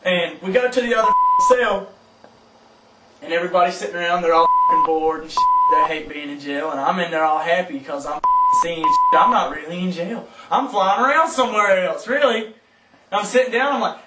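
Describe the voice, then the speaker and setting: A young Southern man casually telling a profane, animated story to friends, laughing often and yelping through his quoted outbursts, recorded from far off in an echoey room. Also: high-pitched, moderate pace. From South Carolina, US. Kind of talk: casual anecdote among friends. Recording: echoey room, mic from far off, faint noise.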